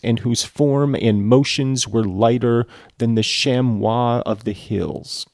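A man's voice: medium pitch, slow pace, hardly any pauses, darkish tone, dry recording, clean studio sound. A man reading a novel aloud and breaking off for sarcastic, irreverent commentary. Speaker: reader and commentator.

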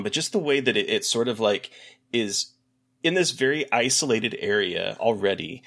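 A man's voice: lowish voice, lively intonation, normal speed, vocal fry, a bit bright. A man co-hosting a podcast, rambling with restarts as he chats enthusiastically about a horror film. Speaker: podcast co-host.

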